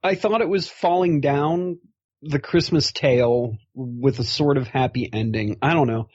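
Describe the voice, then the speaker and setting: A man's voice: medium pitch, a little slow, a little mellow. A man co-hosting a casual film podcast, rambling and self-deprecating. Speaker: podcast co-host. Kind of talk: casual chat. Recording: dull lo-fi sound.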